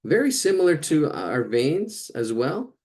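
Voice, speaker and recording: A man's voice: on the high side, big pitch swings, a little slow, darkish tone. A man teaching a casual live drawing lesson, chatting and thinking aloud as he sketches.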